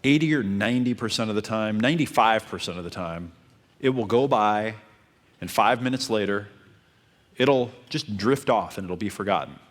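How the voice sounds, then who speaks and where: A man with a fairly low voice gives dating advice. He speaks calmly and steadily. He keeps circling back to the same points. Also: normal speed. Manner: calm, repetitive advice-giving. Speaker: dating coach. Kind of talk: coaching talk.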